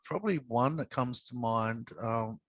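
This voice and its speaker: A man's voice: medium pitch, animated, a little slow, fairly bright tone, no echo, poor audio. A man guest in a podcast interview, chatting casually and telling anecdotes with many repeats and fillers. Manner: chatty, repeats words, frequent um and you know. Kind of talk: casual storytelling.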